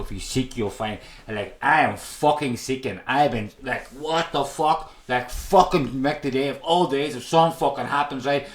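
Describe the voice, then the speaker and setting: An Irish man telling his own story as a podcast guest, raw and emotional and swearing constantly. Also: fairly low pitch. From Ireland. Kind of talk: candid personal storytelling. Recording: echoey room.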